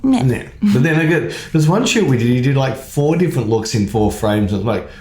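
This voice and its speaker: A man co-hosting a podcast in casual chat, talking in a chatty, animated way and acting out quoted lines. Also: mid-range voice, brisk. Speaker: photographer and podcast co-host. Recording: echoey room.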